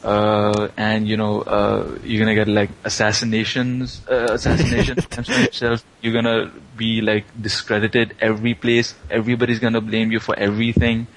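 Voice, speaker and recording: A man's voice: fairly low pitch, completely flat delivery, normal speed, hardly any pauses, close to an everyday voice, rough recording. A man voicing a blunt teacher who delivers grim warnings in an offhand, matter-of-fact way. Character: blunt woman teacher, morbidly casual.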